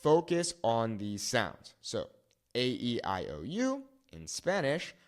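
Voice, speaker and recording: A man teaching a lesson at a whiteboard, repeating words slowly to show how they sound. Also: medium pitch, huge pitch swings. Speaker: Spanish teacher.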